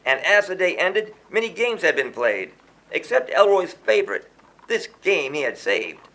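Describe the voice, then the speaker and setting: A man's voice: high-pitched, big pitch swings, normal speed, sharp tone. A man reading a rhyming children's story aloud in a sing-song way, chanting the refrains.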